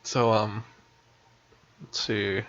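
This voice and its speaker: A man's voice: fairly low pitch, little pitch movement, drawn-out words, fairly bright tone, no room sound. A man narrating as game master of a tabletop game over voice chat, rambling with many fillers. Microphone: voice chat headset. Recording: dull lo-fi voice chat.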